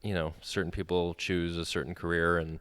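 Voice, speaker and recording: A man hosting a podcast interview, easygoing and quick to laugh. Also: deep voice, flat delivery, fairly bright tone, clean tone. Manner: easygoing, laughs often, short encouraging replies. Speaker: podcast host.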